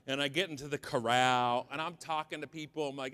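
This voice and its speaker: A Canadian man giving a comedic keynote talk, telling a story with animated, mock-angry outbursts in a large conference hall. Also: medium pitch, fast talker, smooth. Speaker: keynote speaker.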